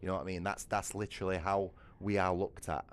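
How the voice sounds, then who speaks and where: A low-voiced British man talks loosely while he plays a game on stream. He rambles and swears freely, leaning on filler questions to the chat. A faint hum sits under his voice. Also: little pitch movement, quick pace. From Britain. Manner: rambling, heavy swearing, frequent "you know what I mean". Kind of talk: casual livestream chat while gaming.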